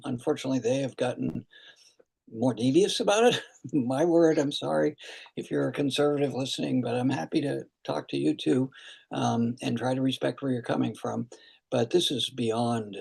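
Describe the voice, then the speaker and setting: An older man with a mid-range, gravelly, husky voice and a darkish tone hosts a virtual town hall as a congressman. Heard over a video call, he answers questions earnestly, often restarting and using fillers.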